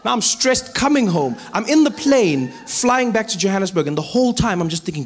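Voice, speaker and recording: A man with a South African accent doing stand-up comedy, telling stories with animated delivery. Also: sits high, slight background noise. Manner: animated storytelling, quick shifts in voice.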